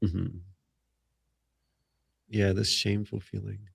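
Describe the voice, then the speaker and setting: A man leading a live spiritual energy healing, speaking in a soft, slow, meditative way with pauses. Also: lowish voice, flat delivery, gravelly, slightly rough, no room sound. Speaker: psychic healer.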